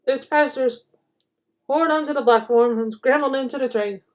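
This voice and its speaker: A woman reads a children's storybook aloud at normal speed in a fairly high voice. Her animated, dramatic narration carries the story along between the characters' lines.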